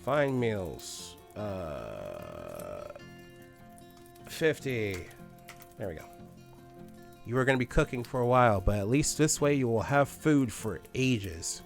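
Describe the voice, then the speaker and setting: A man's voice: fairly low pitch, big pitch swings, slow, creaky, long pauses, faint music behind. A man chatting casually on a live game stream, swearing freely and barking orders at the game characters. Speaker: streamer playing a colony sim game.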